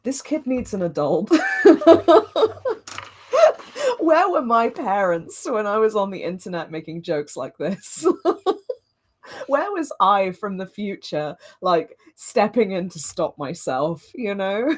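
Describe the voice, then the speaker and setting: A woman's voice: mid-range voice, big pitch swings, slow pace. A woman hosting a watch-along of her own old gameplay videos, chatting casually and mocking herself with frequent laughter.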